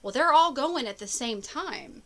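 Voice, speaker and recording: A woman's voice: high-pitched, lively intonation, unhurried, a bit bright. A woman talking casually to camera about her dreams, rambling with many fillers and restarts. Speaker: spiritual vlogger. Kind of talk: casual personal monologue.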